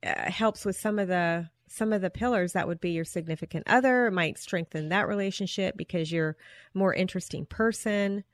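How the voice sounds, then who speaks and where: A woman's voice: fairly low pitch, normal speed, no room sound. A woman interviewing a guest, laughing easily and affirming what he says. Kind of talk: casual interview.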